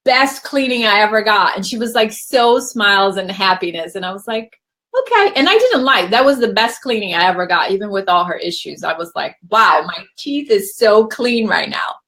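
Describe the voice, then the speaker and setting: A woman hosting a casual chat, telling a personal story in a chatty way with lively quoted asides. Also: medium pitch, moderate pace, hardly any pauses. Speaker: host.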